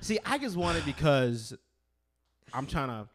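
A man co-hosting a casual chat with friends, blunt and profane with quick comebacks. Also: on the high side, big pitch swings.

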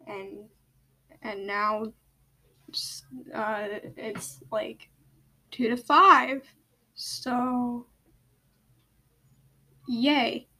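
High-voiced woman reading her own story. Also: flat delivery, very slow, long pauses, pushed and bright. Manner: casual, hesitant asides.

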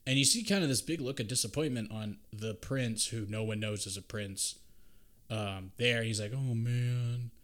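A man's voice: lowish voice, normal speed, fairly bright tone. A young man co-hosting a podcast, recapping a film in casual, rambling chat full of swearing and jokes. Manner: profane, rambling, jokey. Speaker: podcast co-host.

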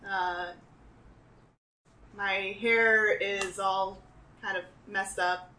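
A woman playing a tabletop role-playing game casually describes her character's actions, laughing often and using lots of fillers. She speaks extremely slowly in a steady, sharp, medium-pitched voice, captured on a distant mic in an echoey room with faint hiss.

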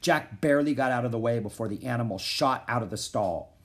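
Brief: male storybook reader, even and measured narration. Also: medium pitch. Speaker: audiobook reader.

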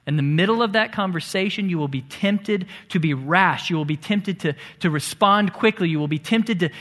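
A man with a notably high speaking voice delivers a church sermon. He talks with emphatic preaching energy and now and then sinks to a hushed near-whisper to press a point home. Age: adult, married. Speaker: pastor. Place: church sanctuary.

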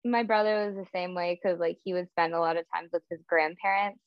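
A woman's voice: fairly low pitch, steady tone, a little fast, clear, resonant tone, no echo, muffled recording. A woman chatting on a podcast, cutting in with playful interjections. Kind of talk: casual chat.

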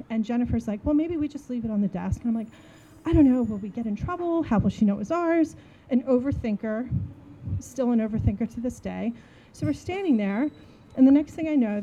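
A woman in her forties from New Jersey, telling a funny story in a casual, animated way and acting out the dialogue. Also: a little high, dull audio. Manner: animated, acts out dialogue, laughs while telling.

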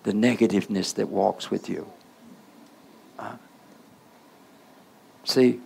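A man's voice: mid-range voice, vocal fry, dark tone, husky. A man preaching a sermon in the role of a preacher, checking in with the congregation through call-and-response asides.

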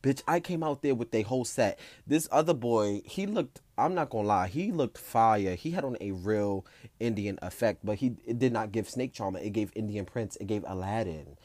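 Young man, 20s, dry close sound, animated and profane storyteller with ballroom slang. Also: lowish voice, normal speed, no echo. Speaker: ballroom competitor.

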